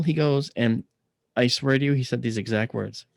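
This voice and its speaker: A man telling a personal story as an interview guest, animated and acting out the voices of the people he quotes. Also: mid-range voice, moderate pace, creaky, no room sound, studio quality. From United States.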